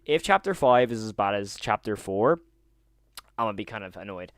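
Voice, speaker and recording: A man's voice: fairly low pitch, expressive, moderate pace. A man streaming live, chatting casually to his viewers with slangy, rambling talk and frequent laughter.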